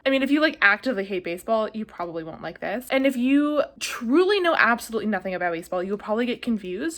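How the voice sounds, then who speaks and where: A woman's voice: mid-range voice, fairly bright tone. A woman reviewing books in a casual vlog, chatty and gushing, with lots of "like" fillers, getting emotional to the point of near tears. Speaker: book reviewer. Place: at home, leaning on a blanket.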